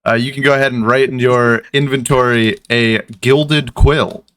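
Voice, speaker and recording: A man narrating as game master of a tabletop game, in loose, relaxed speech full of fillers. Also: mid-range voice, normal speed, no room sound.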